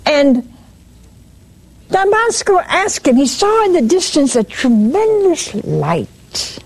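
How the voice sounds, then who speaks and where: A woman's voice: sits high, big pitch swings, slow, a little mellow. A woman giving a sermon, retelling a story and quoting its speakers, with frequent restarts.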